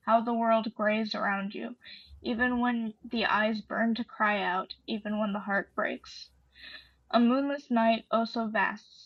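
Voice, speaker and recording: A soft-spoken woman with a slightly high voice reads a poem slowly and then talks it over, pausing with fillers. The sound is dry and a little dull, as if from a home podcast mic. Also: dry recording. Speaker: poetry podcast co-host. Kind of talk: poetry reading and casual discussion.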